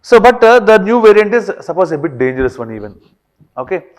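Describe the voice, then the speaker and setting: Man, high-pitched, classroom lecture, lots of fillers and checking questions. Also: very animated, fairly quick. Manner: frequent fillers and checks like "right or wrong?". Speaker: teacher.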